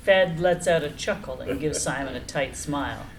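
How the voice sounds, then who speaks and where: A woman narrating the action lines of a screenplay reading in an even, descriptive way. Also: sits low, normal speed, poor audio.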